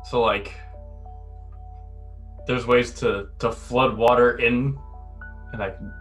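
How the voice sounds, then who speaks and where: A man playing in a tabletop game, speaking tentatively and often restarting his sentences. His voice sits at a mid pitch, with faint music running in the background. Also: fairly even intonation, slow, a bit bright. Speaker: player.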